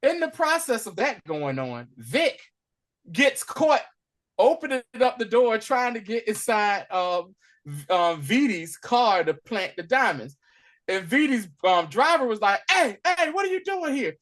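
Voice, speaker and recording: A man's voice: high voice, a little slow. A man co-hosting a podcast, casually recapping an episode and acting out the characters. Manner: animated storytelling, acts out characters. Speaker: podcast co-host.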